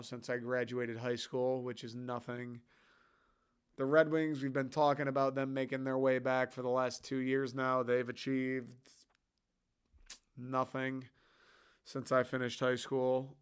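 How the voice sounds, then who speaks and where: A man's voice: mid-range voice, clean tone. A young man hosting a solo podcast, rambling loosely and swearing casually. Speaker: podcast host.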